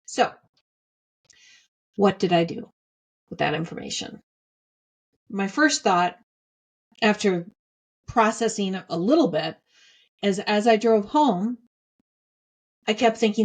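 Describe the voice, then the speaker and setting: A woman's voice: mid-range voice, slow pace, long pauses, husky. A middle-aged woman hosting a podcast, candidly telling a personal story and repeating phrases for emphasis. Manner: candid and heartfelt. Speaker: podcast host.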